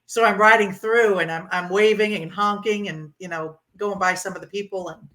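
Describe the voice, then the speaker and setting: Bright-voiced woman telling a road story. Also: medium pitch, moderate pace. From Florida. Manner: animated, laughing, with many ums and restarts. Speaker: interviewee, motorcycle rider. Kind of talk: casual storytelling interview.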